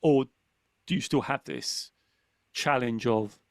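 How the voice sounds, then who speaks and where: A man's voice: mid-range voice, slow, clean tone, no echo, studio quality. A man talking casually on a podcast panel, acting out the voice in his head as he tells stories. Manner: animated, acts out his inner voice. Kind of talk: casual conversation.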